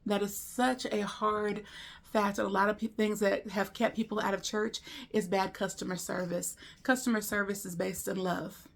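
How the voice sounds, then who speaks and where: A woman's voice: medium pitch, little pitch movement, normal speed, creaky. A woman presenting a discipleship course in a casual teaching style. She talks conversationally and asks her listeners many rhetorical questions. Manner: frequent ums and restarts.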